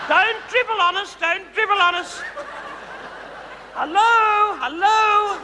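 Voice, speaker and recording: On a large theatre stage, a male stage comedian with an Australian accent plays a vain, glamorous female megastar who used to be a housewife. In a very high-pitched voice he teases the audience in a live comedy monologue, camp and gushing, calling them darlings. The VHS broadcast captures a reverberant hall and audience noise.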